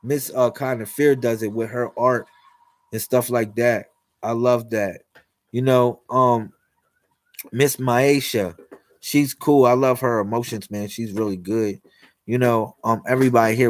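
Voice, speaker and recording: A man's voice: medium pitch, steady tone, measured pace, dry recording. A young man talking to viewers on a livestream, preaching about God and miracles in a loose, repetitive, slangy way. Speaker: livestream host. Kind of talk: spiritual livestream monologue.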